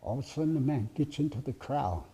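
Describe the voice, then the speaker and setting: A man telling a story live at a heritage center presentation, with dramatic pauses and drops to a whisper for suspense. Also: mid-range voice, expressive, mellow, breathy edge.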